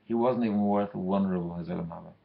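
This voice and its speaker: A man voicing a wise elderly rabbi who gives calm advice in a told story. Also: sits low, fast talker, gravelly, phone-quality sound. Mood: instructive.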